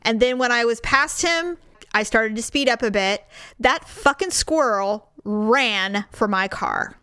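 Expressive woman with a smooth clear voice. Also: on the high side, a little slow, no room sound. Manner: animated, dramatic retelling with quoted dialogue. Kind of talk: casual storytelling chat.

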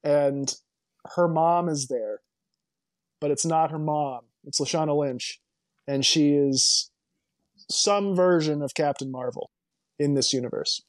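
Man, podcast co-host, slightly high voice, dry close sound; chatty and opinionated. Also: takes it slowly, long pauses, no echo. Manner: rambling, emphatic, full of restarts and opinions. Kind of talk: casual movie podcast chat.

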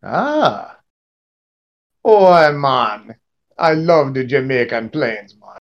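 A man's voice: mid-range voice, slow, dull audio. A man playing a tabletop role-playing game, jokey and stumbling over his words. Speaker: player. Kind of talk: casual tabletop play.

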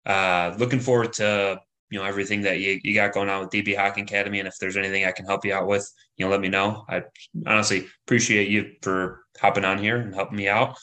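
A man's voice: lowish voice, little pitch movement, fast, sharp tone. A man hosting a casual podcast, laid-back and laughing easily as he chats. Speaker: podcast host, coach.

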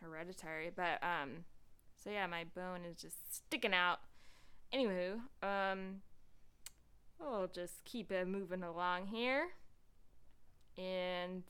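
A young woman hosting a podcast, chatting casually with lots of fillers and quick laughs. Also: lowish voice, fairly bright tone, smooth. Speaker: podcast host. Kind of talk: casual chat.

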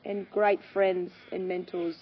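A woman, a farmer and mother speaking candidly as an interview guest, animated and laughing often as she acts out quoted voices. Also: fairly low pitch, slow pace. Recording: dull lo-fi sound with faint noise.

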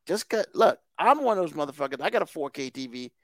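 A man's voice: a little high, very animated, fast, few pauses, no echo, studio quality. Fired-up, foul-mouthed man ranting. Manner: heated, swears constantly, emphatic repetition. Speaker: podcast co-host. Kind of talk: casual profane rant.

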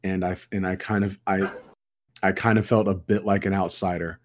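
A man with a very deep voice talks in a relaxed group conversation. His manner is earnest and heartfelt. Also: normal speed. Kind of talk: casual group chat.

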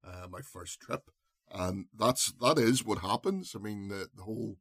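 A man's voice: fairly low pitch, measured pace, fairly bright tone, no room sound, clean studio sound. A man co-hosting a casual film review chat, rambling and often stopping to search for words. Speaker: podcast co-host.

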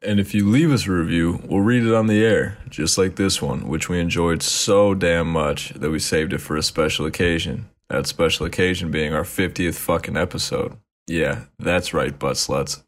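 A man with a very deep, monotone voice reads a listener review on a podcast. He swears a lot and plays up mock grandeur. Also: moderate pace. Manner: profane, mock-bombastic. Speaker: podcast co-host. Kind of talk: reading a listener review, casual chat.

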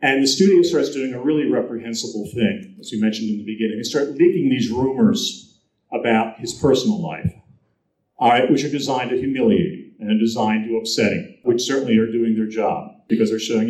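A man's voice: mid-range voice, fairly quick, a little mellow, roomy sound, poor audio. A man speaking to an audience, telling film history anecdotes and acting out the quoted voices as he goes. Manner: storytelling, acts out quoted voices.

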